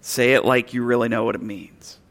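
A man's voice: mid-range voice, fairly even intonation, fairly quick, fairly bright tone, lightly acted. A man voicing a loving father who earnestly coaches his young son during a sermon story. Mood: earnest, proud. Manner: earnest, proud, insistent.

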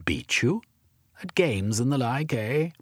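Man doing a clipped, proper Victorian gent, husky, incredulous. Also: mid-range voice, very animated, takes it slowly, no room sound, clean studio sound, pitched above the performer's own voice, heavily acted. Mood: brusque. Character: adult man, brusque, easily frustrated Victorian gentleman.

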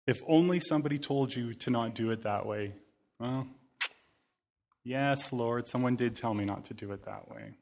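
A man in his thirties preaches a sermon in an earnest, conversational tone. His voice sits at an ordinary middle pitch, and he likes to say a phrase several times over to drive his point home. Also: normal speed, vocal fry, a little mellow.

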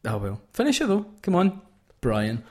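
A man co-hosts a podcast in easy banter, teasing and insistently egging his partner on. His voice sits at a middle pitch and moves up and down lively. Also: moderate pace. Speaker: podcast co-host.

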